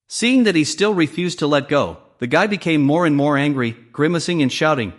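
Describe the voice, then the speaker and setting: A man's voice: a little high, expressive, fairly quick, few pauses. A man narrating a comic story recap, reading all the characters' lines in his own voice.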